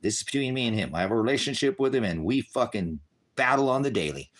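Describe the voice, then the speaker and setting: A middle-aged man ranting to his viewers, cursing heavily and swinging between shouted outbursts and low bitter muttering. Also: lively intonation, fast. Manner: heavy cursing, bitter and raging. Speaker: online ministry broadcaster. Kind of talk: angry unscripted rant to viewers.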